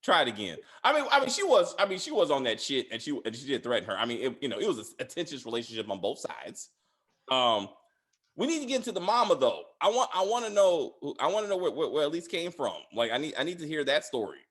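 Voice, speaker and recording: A man talks casually as a podcast host, his pitch swinging up and down in a lively way. He rambles, stumbles over his words and fills gaps with lots of ums and uhs. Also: quick pace, breathy edge. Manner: rambling, many fillers and restarts; laughs loudly and high. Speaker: podcast host reviewing a TV series. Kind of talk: casual chat.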